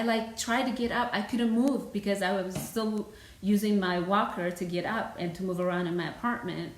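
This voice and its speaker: A woman's voice: mid-range voice, echoey room, low-quality recording. A woman from Eritrea, a fitness host, telling a personal story in casual, earnest live-stream talk.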